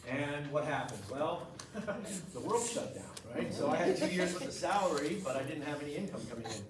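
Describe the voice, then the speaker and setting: Speaking at normal speed in a slightly high, expressive voice, a middle-aged man who works as a chiropractor gives a blunt, animated testimonial to a group. Crowd noise is audible, and the echoey room, distant mic, and noise mark the recording.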